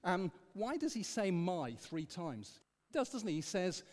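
A man leading an interactive sermon, questioning the congregation in an animated, emphatic way. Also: high voice, unhurried. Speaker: preacher leading a Bible study. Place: church. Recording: echoey church hall.

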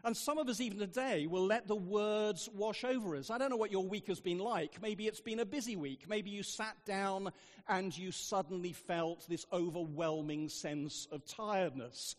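A man's voice: sits high, normal speed, big-room sound. A man preaching a sermon, telling funny stories with dry asides, in a church. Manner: humorous storytelling, dry asides.

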